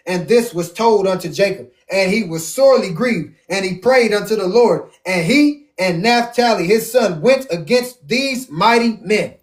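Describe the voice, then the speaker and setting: High-voiced preacher in an echoey room. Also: male voice. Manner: animated, jokey, drawn-out emphasis. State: losing his voice. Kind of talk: casual live-stream Bible teaching. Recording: echoey room, far from mic.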